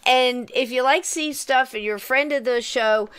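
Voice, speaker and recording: A woman hosts a podcast in casual chat, enthusiastic and quick to laugh. Her voice sits a little high and sounds smooth and clear. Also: a bit bright. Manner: chatty, enthusiastic, laughs often. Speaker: podcast host.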